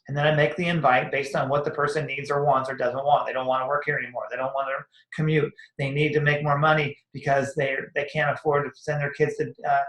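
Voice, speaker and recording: Energetic man coaching in an echoey room. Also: on the high side. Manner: energetic, rambling, acts out sample dialogues. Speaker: network marketing coach. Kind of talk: casual motivational talk.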